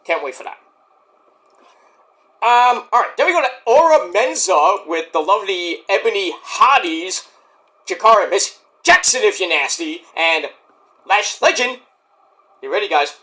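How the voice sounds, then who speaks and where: A man casually reviewing a wrestling show on his own, animated and excitable, breaking into high-pitched outbursts. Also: a little slow, pauses often. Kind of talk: casual solo review vlog.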